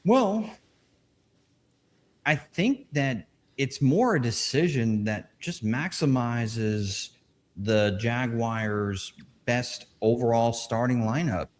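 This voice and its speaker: A man co-hosting a fantasy football podcast, animated as he breaks down players and jokes with his co-host. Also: mid-range voice, slow. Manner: animated analyst, jokes and laughs. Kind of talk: casual podcast chat.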